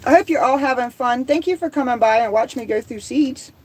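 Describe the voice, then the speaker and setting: A woman's voice: high voice, a little fast, a little mellow, a little hiss or hum, low-quality recording. Chatty Southern woman hosting a livestream. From American South. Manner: chatty, reads viewer comments aloud, laughs easily. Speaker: livestream host. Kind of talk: casual livestream chat.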